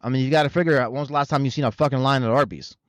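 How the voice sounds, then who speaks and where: A man's voice: mid-range voice, racing, no room sound. Profane, rambling male comedy host. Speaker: show host. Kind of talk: comedic commentary rant. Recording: slightly muffled dry recording.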